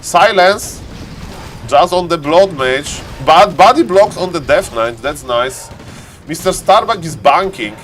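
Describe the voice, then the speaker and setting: A man casting a live strategy game with a slightly high voice, swinging from playful asides to sudden excited shouts. Faint room ambience sits behind him. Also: takes it slowly, slight background noise. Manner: excitable, bursts into high exclamations. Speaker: game caster. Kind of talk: live esports commentary.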